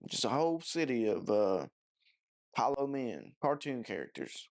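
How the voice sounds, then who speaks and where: A man ranting in a loose, casual movie review. He swears freely, mocks what he describes and trails off into fillers mid-thought. His pitch sits at an ordinary middle. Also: very animated, a little slow. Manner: profane, mocking, rambling with many fillers.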